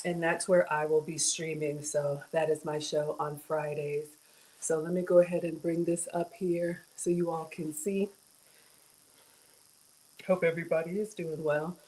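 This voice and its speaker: A woman's voice: sits low, little pitch movement, unhurried, a little mellow, rough recording. A middle-aged woman hosting a casual cooking livestream, chatty and greeting viewers by name. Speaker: cooking show host.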